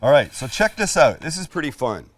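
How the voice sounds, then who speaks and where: A man's voice: on the high side, sing-song, fairly quick, a bit bright, distant mic, slight background noise. A man hosting a live cooking demonstration, chatty and jokey, poking fun at himself. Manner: jokey, chatty, self-deprecating. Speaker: cooking show host.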